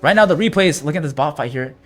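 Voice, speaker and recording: Excitable male esports caster. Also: fairly high pitch, very fast, faint music behind. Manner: excitable, rising sharply in big plays. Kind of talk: live esports commentary.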